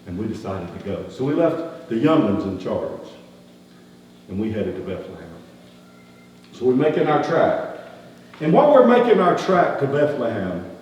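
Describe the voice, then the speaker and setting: A man, a pastor, playing a skeptical, rough-spoken outcast shepherd in a first-person dramatic sermon, talking. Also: medium pitch, pitched below the performer's own voice, lightly acted. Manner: folksy, colloquial grammar, rising animated questioning. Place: church sanctuary. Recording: echoey hall, distant mic, faint hum.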